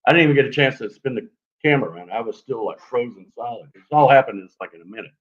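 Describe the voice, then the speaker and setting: A man telling a story on a live show in a lively, animated way, acting out sounds as he goes. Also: medium pitch, very fast, lo-fi sound. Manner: animated, lively retelling with fillers and sound effects. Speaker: guest telling an encounter story.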